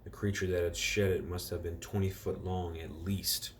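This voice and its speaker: A man reading a storybook aloud to children in a relaxed way, stopping now and then to correct himself and reread. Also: low voice, normal speed, slight background noise.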